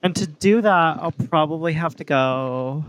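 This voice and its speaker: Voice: mid-range voice, measured pace, a little hiss or hum. A streamer casually commenting and reading dialogue while playing a game, with chatty asides.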